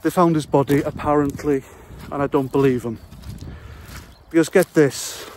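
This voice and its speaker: A man's voice: fairly high pitch, fairly even intonation, normal speed, a little mellow. British bloke in his 40s, sarcastic and sweary, huffing along a country path with his phone, wind and outdoor noise all over it. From Britain. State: breathing heavily while walking. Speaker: vlogger, ex-soldier and ex-prison officer. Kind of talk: sarcastic walking vlog monologue. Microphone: handheld phone camera. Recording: outdoor noise while walking.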